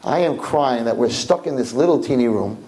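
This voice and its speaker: A man's voice: medium pitch, animated, normal speed, warm tone, close to an everyday voice. A man voicing a despairing jailed prisoner. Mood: low grief. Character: despairing male prisoner, grieving and earnest.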